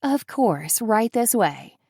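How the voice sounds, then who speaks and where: A woman's voice: a little high, very animated, slow pace, no echo, studio quality, voice pushed up, exaggerated voice. A woman voicing a perky, polite young hostess. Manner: bright and polite.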